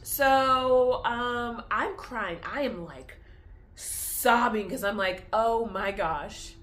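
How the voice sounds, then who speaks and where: A woman's voice: on the high side, drawn-out words, a bit bright, slight background noise. A young woman talks candidly in a personal vlog, confessional and tearful, laughing through tears as her feelings swing back and forth. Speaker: vlogger.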